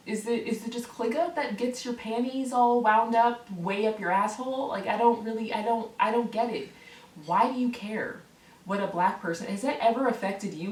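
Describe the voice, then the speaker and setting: A woman's voice: on the high side, a little mellow. A woman ranting to camera in a vlog, heated and profane, hammering the same words again and again. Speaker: online video creator. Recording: roomy echo, voice from a distance from the mic.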